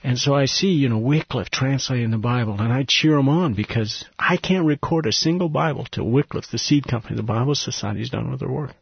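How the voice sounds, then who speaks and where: A man, a missionary guest in an interview, telling an earnest, emotional story and dropping to a hushed voice at tender moments. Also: mid-range voice, a little fast, vocal fry, hardly any pauses, breathy edge, dry recording, highs cut off.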